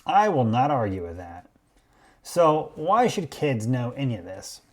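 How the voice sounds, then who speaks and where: A man hosting a podcast, telling food history in a measured, explanatory way. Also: medium pitch, big pitch swings, darkish tone. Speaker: podcast host.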